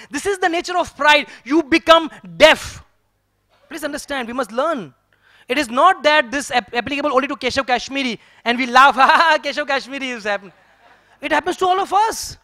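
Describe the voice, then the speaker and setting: High-voiced preacher telling a story. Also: male voice, no room sound, studio quality. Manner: lively storytelling, chuckling, conversational. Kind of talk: sermon. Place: temple hall.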